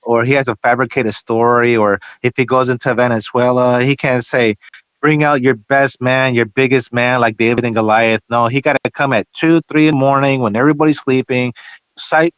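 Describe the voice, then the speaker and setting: A man spins a casual story in a middle-pitched voice, swearing freely and acting out each exchange he quotes. The sound is dry and close, with no room echo. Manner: profane, animated, acts out quoted dialogue.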